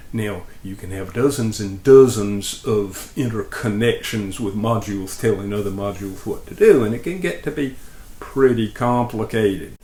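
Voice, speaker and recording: A man's voice: lowish voice, echoey room. A man explaining ideas step by step in a demonstration lesson, in a patient, plain way. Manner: patient, plain explanations with lively ups and downs. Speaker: instructor.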